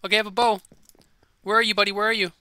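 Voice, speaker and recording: A man hosting a gaming channel, chatting casually and excitably over gameplay and repeating himself in a silly way. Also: sits high, rapid-fire, smooth, no room sound.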